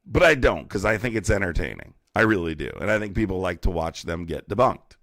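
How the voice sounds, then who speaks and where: A man's voice: deep voice, lively intonation, brisk, fairly bright tone, no echo, studio quality. A man hosting a heated live-streamed debate, mocking and profane as he argues with callers. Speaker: livestream debate host.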